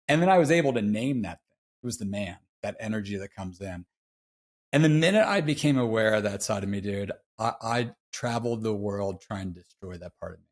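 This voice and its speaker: Laid-back man telling a story. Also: fairly low pitch. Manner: casual, says "dude" often, frequent restarts. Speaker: podcast guest. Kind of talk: candid storytelling.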